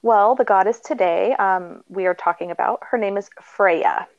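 A woman co-hosting a casual podcast, calm and steady, with soft laughs between her lines. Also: mid-range voice, moderate pace, creaky, no room sound, lo-fi sound. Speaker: podcast co-host.

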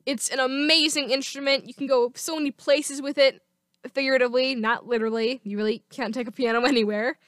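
A woman's voice: sits high, fairly even intonation, a little fast, a bit bright, no room sound, clean studio sound. A woman hosting a podcast, chatty and enthusiastic as she reads out listener voicemails and answers them. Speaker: podcast host. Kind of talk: casual solo podcast talk.

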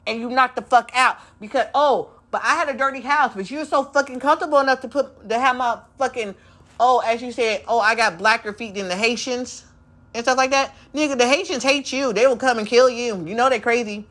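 A woman's voice: sits high, fairly quick, fairly bright tone. A woman hosting a podcast, delivering an angry, profane, confrontational monologue and mocking others in quoted voices. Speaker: podcast host.

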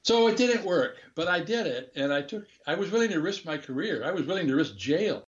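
A man's voice: a little high, lively intonation, fairly quick, dull audio. An older man, a former diplomat, telling a rambling, candid anecdote in a casual interview. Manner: candid, rambling anecdotes with chuckles and self-corrections.

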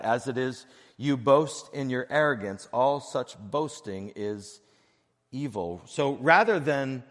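A man preaching a sermon as pastor of a church, earnest and measured, breaking his phrases with pauses and swinging between soft and loud. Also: mid-range voice, animated, big-room sound. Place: church sanctuary.

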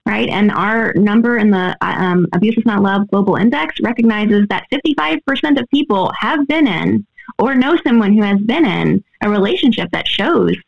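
A woman's voice: medium pitch, animated, moderate pace, gravelly, muffled recording. A woman answering interview questions as an expert guest, earnest and explanatory, often tagging on "right?".

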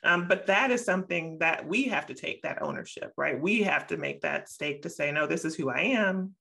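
A middle-aged woman co-hosting a casual panel discussion, making measured, reasoned points and repeating them for emphasis. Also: low voice, animated, vocal fry, pushed and bright. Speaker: co-host.

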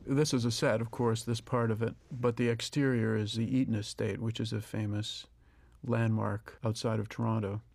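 A man in his sixties, a film director giving a reflective, measured audio commentary. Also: fairly low pitch, flat delivery, gravelly, a little mellow. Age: 60s. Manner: reflective, measured, with pauses and restarts.

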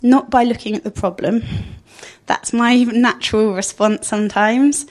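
A woman's voice: fairly high pitch, steady tone, unhurried. A woman giving an informal sermon, chatty and thinking aloud with frequent fillers. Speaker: speaker giving a church talk.

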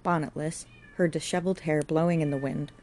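A woman with a low voice reads a classic novel aloud in a measured, steady way. Her tone is dark and mellow, and her pacing is even and unhurried. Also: a little hiss or hum. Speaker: audiobook narrator. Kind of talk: scripted narration of a classic novel.

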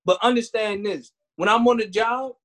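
A man talking in a casual chat, animated and laughing, often acting out other people's lines. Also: high-pitched, normal speed.

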